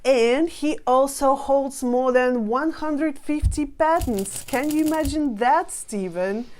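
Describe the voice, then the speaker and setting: A woman's voice: sits high, slow pace, darkish tone. A woman co-hosting a podcast, giving upbeat introductions. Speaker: co-host.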